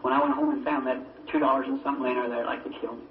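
A man's voice: mid-range voice, very animated, rapid-fire. A man preaching an old recorded sermon, telling a personal testimony in a fervent storytelling voice that rises and breaks with emotion. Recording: old dull distant hall recording with hiss.

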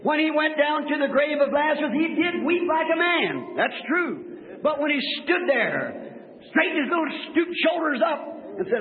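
High-voiced fervent male preacher. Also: animated, normal speed. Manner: fervent, rhythmic preaching with repeated refrains. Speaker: pastor. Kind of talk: sermon. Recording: tinny old lo-fi tape in an echoey hall.

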